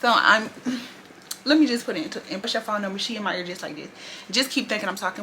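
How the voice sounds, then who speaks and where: A woman's voice: medium pitch, quick pace, bright, forceful tone, a little hiss or hum. A woman vlogger telling a workplace story in casual, blunt, profane chat.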